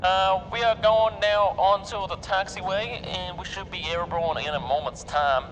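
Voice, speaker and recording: A man's voice: high-pitched, fairly even intonation, normal speed, a bit bright, slight background noise, pitched above the performer's own voice, low-quality recording. A man putting on an American accent to play a joking airline captain, giving mock-formal cabin announcements laced with swearing. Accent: put-on American. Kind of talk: mock cabin announcement on a flight-sim stream.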